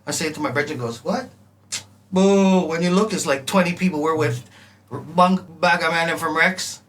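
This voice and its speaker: Animated, bright-voiced man telling stories. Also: on the high side, normal speed. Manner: animated, laughing storyteller, acts out scratches and vocal lines. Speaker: music producer guest. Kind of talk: casual storytelling chat. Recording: distant mic with faint ambient noise.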